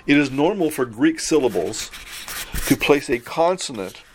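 A man teaching a recorded Greek grammar lesson, explaining in a measured way and slowing down to spell out syllables. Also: on the high side, sing-song, breathy edge.

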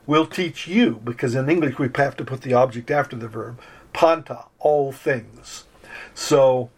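An older man lecturing on New Testament Greek grammar, measured and deliberate, slowing down to spell out each Greek word. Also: medium pitch, husky. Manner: measured, slows to spell out Greek words, some restarts. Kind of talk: recorded lecture.

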